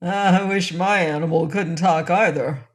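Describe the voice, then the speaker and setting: A woman's voice: on the low side, measured pace, natural voice. A woman doing a giggling, jolly fat little king. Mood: giggling merry. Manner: giggly, merry, laughing. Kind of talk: audiobook reading.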